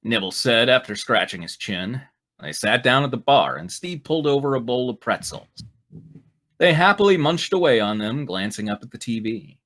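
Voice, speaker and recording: Narrating and hosting a live fan fiction read-through, this man has a mid-range, animated, slightly bright voice and speaks at a normal speed. His manner is playful and jokey, and he stops to laugh and add comments.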